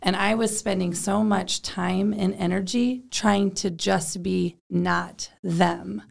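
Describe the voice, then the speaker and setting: A woman's voice: medium pitch, fairly even intonation, takes it slowly, gravelly. A woman and mother talking about parenting in a casual, chatty way, with lots of "like". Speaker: co-host, parent. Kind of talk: casual faith talk.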